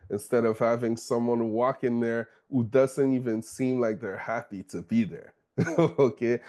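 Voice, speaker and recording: Man chatting in a relaxed podcast talk. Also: mid-range voice. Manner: conversational, frequent "okay?" and "you know", chuckles. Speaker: podcast host. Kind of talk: casual discussion.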